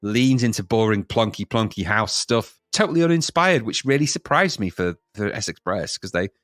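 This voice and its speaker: A man's voice: lowish voice, animated, moderate pace, fairly bright tone, no room sound, studio quality. A man co-hosting a podcast in casual chat, jokey and laughing often. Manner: jokey, puts on silly voices, laughs often. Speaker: podcast co-host.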